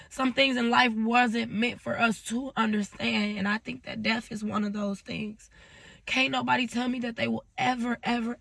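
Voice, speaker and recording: A woman talks through tears in a personal vlog, her voice gravelly and husky. She speaks haltingly, pausing and falling to near-whispers. The sound is dry and close, with no room around it. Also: fairly high pitch, a bit bright, no echo. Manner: halting, breaks off, drops to whispers. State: tearful. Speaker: vlogger.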